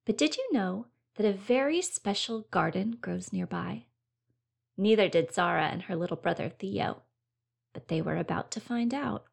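A woman narrating a children's story in a gentle, clear storybook reading. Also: mid-range voice, animated, moderate pace.

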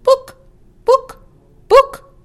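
A woman voicing a bossy, determined female farm hen in a storybook, with a very high clucking squawk. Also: very slow. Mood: insistent.

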